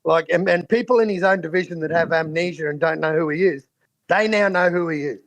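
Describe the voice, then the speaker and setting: A man's voice: on the high side, fairly quick, creaky, no room sound. A man from Queensland with an Australian accent, co-hosting a podcast in a blunt, slangy casual chat. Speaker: podcast co-host.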